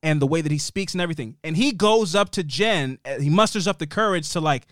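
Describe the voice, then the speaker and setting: A man's voice: on the high side, fast, dry recording, studio quality. A man co-hosting a podcast, chatting casually about a TV show and acting out the characters' lines. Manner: animated, acts out characters' lines. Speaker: podcast co-host. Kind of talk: casual chat recapping a TV show.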